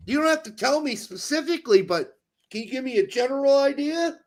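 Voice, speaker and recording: A man co-hosting a casual soccer chat, ranting and mocking claims in quick sarcastic bursts. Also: very high-pitched. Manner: animated, ranting, sarcastic mimicry. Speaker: podcast co-host.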